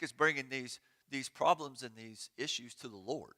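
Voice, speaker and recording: A man's voice: mid-range voice, lively intonation, brisk, vocal fry, few pauses, bright, forceful tone. A man giving a sermon as pastor in a church sanctuary, conversational and joking, with sarcastic asides.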